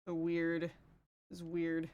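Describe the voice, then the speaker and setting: A woman's voice: on the low side, monotone, takes it slowly, dark tone, highs cut off. A woman streaming casually while doing her makeup, chatting, laughing often and answering her chat. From Canada. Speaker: livestreamer.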